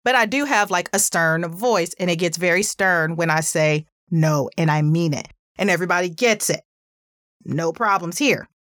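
A woman hosting a parenting talk, chatty and earnest, with a pitchy voice and plenty of "like" fillers. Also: moderate pace, fairly bright tone, no echo, studio quality. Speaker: parenting podcast host. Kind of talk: casual advice talk.

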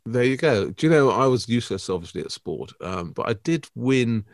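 A man co-hosting an art podcast, talking in a lively, jokey, slightly theatrical way. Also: mid-range voice, a little fast, no echo, studio quality. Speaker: podcast co-host. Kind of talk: casual chat.

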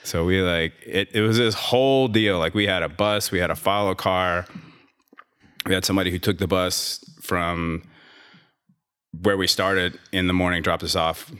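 Very deep-voiced man telling a long story. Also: fairly even intonation, moderate pace, a bit bright, clean tone. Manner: rambling, sarcastic, frequent restarts and fillers. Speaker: guest, gym owner and trainer. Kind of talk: casual interview storytelling.

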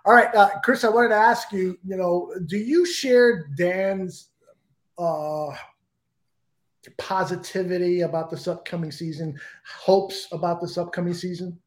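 A man's voice: high voice, measured pace. A man hosting a casual chat, joking and hesitating with many fillers. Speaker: podcast host.

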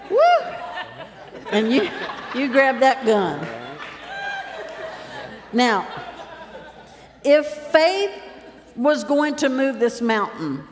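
A woman preacher giving a lively sermon, telling stories and acting out the scenes as she goes. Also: a little high, slow pace, long pauses, a faint crowd. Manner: lively storytelling, acts out scenes. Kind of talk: sermon with stage demonstration. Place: large church hall. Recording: roomy echo, long hall reverb.

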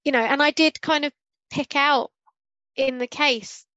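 A woman's voice: high-pitched, steady tone, unhurried, fairly bright tone, no echo, highs cut off. A woman co-hosting a casual podcast discussion, rambling and correcting herself as she goes and acting out what she was thinking. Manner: rambling, self-correcting, acts out quotes. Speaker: podcast co-host.

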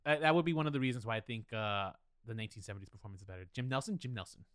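Candid man chatting about films, smooth voice. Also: medium pitch, rapid-fire, fairly bright tone, dry recording, clean studio sound. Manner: opinionated, candid, self-deprecating. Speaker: podcast co-host. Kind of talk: casual film discussion.

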